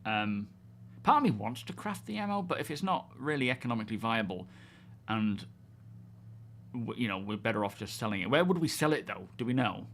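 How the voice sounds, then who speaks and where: A man's voice: fairly low pitch, animated, brisk, a bit bright, slight background noise. A man hosting a casual gaming livestream, greeting viewers and thinking aloud as he plays. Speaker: livestream host.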